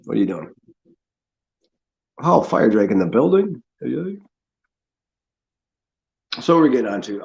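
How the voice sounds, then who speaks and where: Gravelly sarcastic man on a lo-fi stream. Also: darkish tone. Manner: sarcastic, mocks people in high put-on voices, swears. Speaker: livestream host. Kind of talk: casual rambling livestream chat.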